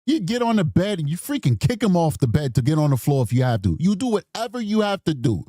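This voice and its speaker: A high, lively male voice swings widely as he riffs on the case. His commentary is emphatic and scornful, and the sound is dry and close-miked. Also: fast, no echo. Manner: emphatic, mocking, mimics people in bursts. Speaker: true crime stream host. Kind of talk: animated live-stream commentary.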